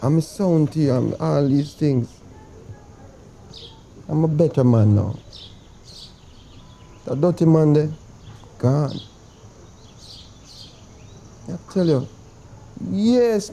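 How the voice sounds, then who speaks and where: An actor with a Jamaican accent playing a remorseful boyfriend who pleads dramatically to be taken back. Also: male voice, a little high, slow, creaky, long pauses, mellow, a little hiss or hum. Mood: pleading. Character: pleading remorseful boyfriend begging to come home. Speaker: actor in comedy sketch. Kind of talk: comedy sketch acting, phone call.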